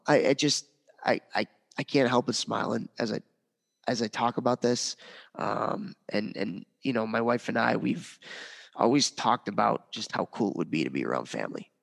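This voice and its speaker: A man in his thirties co-hosting a podcast, upbeat and grateful, talking casually with lots of ums, his voice a bit hoarse. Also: medium pitch, moderate pace. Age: 30s. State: hoarse, voice strained. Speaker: podcast co-host.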